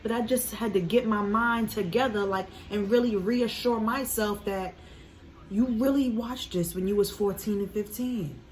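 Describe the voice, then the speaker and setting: An earnest woman, talking straight to her viewers. Her pitch sits mid-range for a woman, and she swears freely and leans on "you know" often. A faint hiss of room noise stays under her voice. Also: moderate pace, low-quality recording. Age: 20s. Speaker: reaction video host. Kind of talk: casual emotional commentary.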